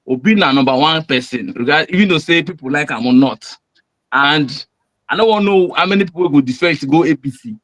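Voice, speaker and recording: A man's voice: a little high, no echo. A man with a Nigerian accent calling in to a show, rambling and leaning heavily on fillers. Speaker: caller. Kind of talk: casual call-in commentary.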